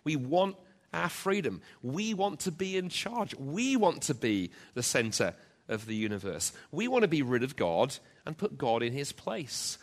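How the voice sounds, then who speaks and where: A man's voice: fairly high pitch, big pitch swings, a little slow. A man preaching an emphatic sermon to a church congregation, driving points home with rhetorical repetition. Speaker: pastor. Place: church, also live-streamed.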